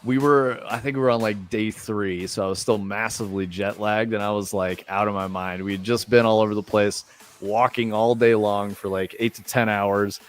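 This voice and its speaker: A young American streamer tells rambling, profane stories on a livestream, packed with "like"s and other fillers, while faint music plays behind him. His voice is on the low side, with fairly even intonation and a moderate pace.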